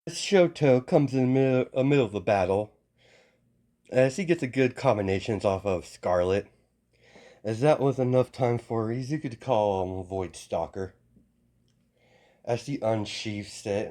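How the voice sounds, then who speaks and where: A man improvising a fan story as narration, halting often with restarts and self-corrections. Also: lowish voice, warm tone.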